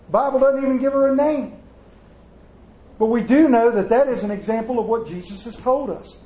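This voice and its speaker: A man preaches in a high, light voice, spinning folksy stories and slipping into the voices of their people. The sound rings around an echoey church room. It feels like a live sermon from the pulpit. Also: fairly quick, mellow. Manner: folksy storytelling, acts out voices. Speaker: pastor.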